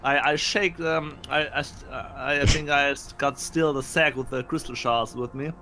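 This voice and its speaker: A man's voice: mid-range voice, fairly even intonation, normal speed. A man playing a tabletop role-playing game, speaking hesitantly with many fillers and restarts. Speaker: player. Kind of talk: casual tabletop game play.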